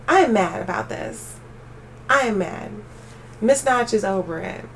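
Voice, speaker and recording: A young woman live streaming, chatting casually with her viewers and ranting with animated energy. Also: mid-range voice, a little slow, gravelly, recorded from a distance, a little hiss or hum. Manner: animated ranting, talks straight to chat.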